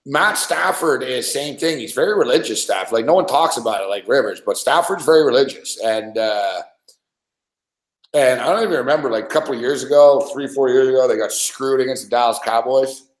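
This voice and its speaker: A man's voice: mid-range voice, brisk. Chatty man in an echoey room. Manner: animated storyteller, acts out quotes with swearing and laughs. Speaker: podcast host. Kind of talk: casual sports chat.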